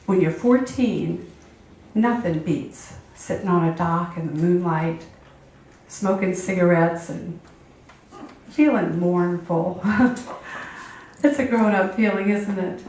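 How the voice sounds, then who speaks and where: A woman's voice: fairly low pitch, slow, darkish tone. A woman telling a wry personal story to a live audience. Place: barn at a live storytelling event. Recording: very echoey barn.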